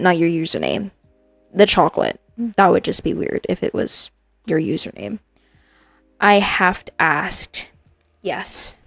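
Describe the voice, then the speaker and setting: A woman's voice: on the low side, creaky, no echo. A woman streaming as a digital artist, chatting casually and playfully with her viewers in a rambling way. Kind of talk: casual livestream chat with viewers.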